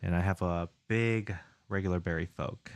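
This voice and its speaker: A man's voice: low-pitched, steady tone, normal speed, gravelly. A man streaming his indie game development, chatting casually, muttering to himself and reading viewer chat aloud while he works.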